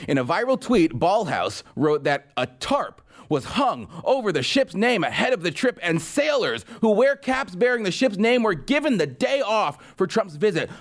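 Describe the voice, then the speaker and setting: A man's voice: on the high side, big pitch swings, moderate pace. A man hosting a political commentary show, talking in a sarcastic, mocking way. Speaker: podcast host.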